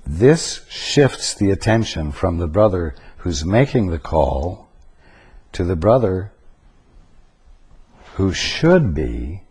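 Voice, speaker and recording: A man giving a spiritual teaching talk, slow and deliberate, pausing to stress single words. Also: low voice, a little mellow, slightly rough.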